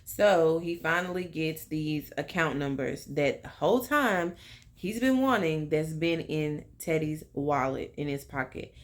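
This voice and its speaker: A woman's voice: low voice, animated, unhurried. A young woman casually recapping a TV episode, chatty and full of fillers. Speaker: TV recap vlogger.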